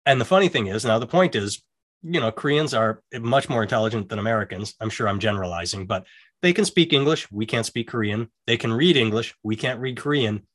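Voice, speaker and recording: A man's voice: medium pitch, fairly quick. A man hosting a casual chat, telling stories animatedly and acting out the quotes. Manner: animated storyteller, acts out quotes. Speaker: podcast host.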